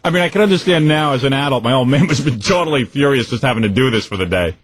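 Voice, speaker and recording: A middle-aged man hosting a radio show in casual banter, animated and mocking, acting out his parents yelling. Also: mid-range voice, fast, no room sound. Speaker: radio host.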